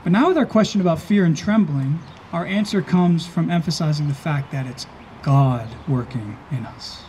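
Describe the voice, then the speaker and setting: A pastor preaching an earnest sermon, slowing down and stressing key phrases. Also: male voice, fairly high pitch, lively intonation, darkish tone, a little hiss or hum.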